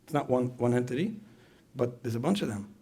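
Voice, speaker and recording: Gravelly fast-talking male lecturer. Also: medium pitch, lively intonation, mellow. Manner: repeats phrases, asks the audience questions. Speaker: speaker at a parenting retreat. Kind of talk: conversational lecture.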